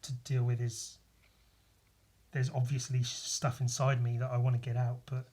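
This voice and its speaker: A man's voice: mid-range voice, level tone, normal speed, darkish tone. A man talking alone on a casual podcast, with a stuffy, congested voice. He rambles, swears freely, and pokes fun at himself, restarting sentences as he goes. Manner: rambling, profane, self-mocking. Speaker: podcast host. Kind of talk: casual solo podcast monologue.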